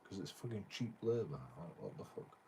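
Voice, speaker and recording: A man's voice: deep voice, expressive, moderate pace, darkish tone, slight background noise. A man, commenting casually on a clip in a rambling, swearing manner. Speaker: streamer reacting to a clip.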